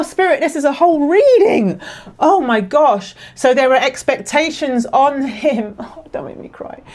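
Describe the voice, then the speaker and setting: A woman giving a casual tarot reading to camera, chatty and rambling, with many fillers and restarts, emotional and quick to laugh. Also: a little high. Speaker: tarot card reader.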